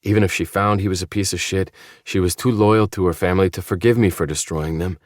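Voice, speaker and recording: A man narrating a first-person novel in an audiobook, with a measured, low-key, intimate reading. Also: steady tone, no room sound, studio quality.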